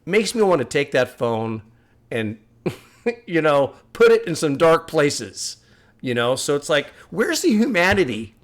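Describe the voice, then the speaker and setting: A man hosting a music reaction video, talking in earnest, musing and at times getting heated and loud. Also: fairly high pitch, sing-song, measured pace. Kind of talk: casual reaction commentary.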